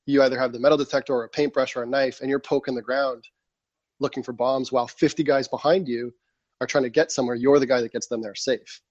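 A man in mid-range pitch recounts his past in an animated, conversational way and slips into the voice of his younger self. The sound is dry and close, with a slightly dull tone. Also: fast, no echo. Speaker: guest. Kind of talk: casual storytelling.

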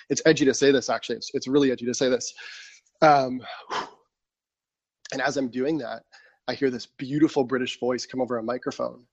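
Male guest, conversational storyteller, plays his younger self, mid pitch, dry dull podcast sound. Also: a little fast, no echo. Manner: animated, acts out his past self. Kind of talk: casual storytelling.

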